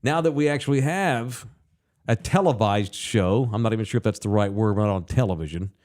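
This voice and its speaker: A man, hosting a podcast in casual chat, loud and animated, swearing freely as he tells stories. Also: on the low side, brisk. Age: 40s. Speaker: podcast host.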